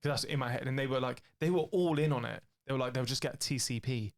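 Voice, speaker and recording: Gravelly British man telling rambling stories. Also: medium pitch, fast. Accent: British English. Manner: rambling, profane, animated storytelling with acted-out quotes. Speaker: podcast co-host. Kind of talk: casual storytelling chat.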